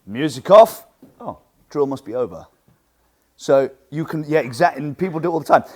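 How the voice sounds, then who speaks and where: Lively martial arts instructor. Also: male voice, on the high side, fairly quick. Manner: lively, animated, acts out quotes. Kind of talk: presenting a coaching seminar.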